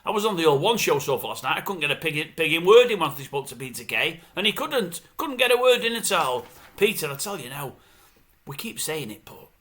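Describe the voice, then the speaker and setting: A man's voice: fairly high pitch, a bit bright. A man ranting casually about showbiz news. He grumbles and mimics other people's voices. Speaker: showbiz commentary vlogger. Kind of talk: casual opinionated rant.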